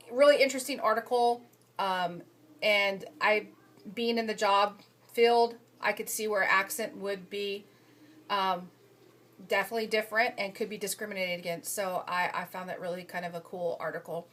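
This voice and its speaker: A woman's voice: mid-range voice, a bit bright. A woman talking through journal articles on workplace rules in a casual spoken summary, hesitant, with frequent ums and restarts, recorded on a phone. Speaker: human resources student reviewing journal articles. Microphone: phone camera.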